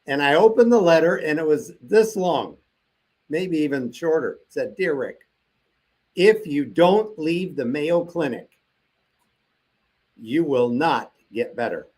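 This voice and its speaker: A man's voice: on the high side, expressive, unhurried, pauses often, darkish tone. An older man as an interview guest, telling a long personal story and acting out the voices of the people he quotes.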